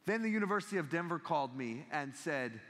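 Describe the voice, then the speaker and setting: A man in his thirties gives a lively, comic talk to a university audience. His fairly high voice swoops up and down as he tells stories and laughs along. A long hall reverb trails each phrase. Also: quick pace. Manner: animated storytelling with frequent laughter. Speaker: guest speaker. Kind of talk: humorous motivational talk. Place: large university lecture hall.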